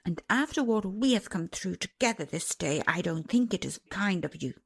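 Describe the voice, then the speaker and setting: A proud miner boy speaks in a blunt, sulky, offended way, as a woman puts him on. His voice has a gravelly edge and rises and falls widely. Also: on the low side, animated, moderate pace. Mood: hurt.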